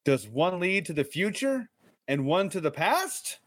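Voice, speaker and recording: A man's voice: high voice, sing-song, a little slow, fairly bright tone, no room sound. A man co-hosting a live stream, reading an adventure book aloud with jokey, playful asides. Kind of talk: casual live-stream read-along.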